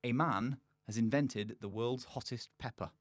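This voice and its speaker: A man's voice: medium pitch, normal speed, no room sound, studio quality. A man hosting a podcast in a playful, chatty way, often laughing. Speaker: podcast host. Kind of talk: casual chat.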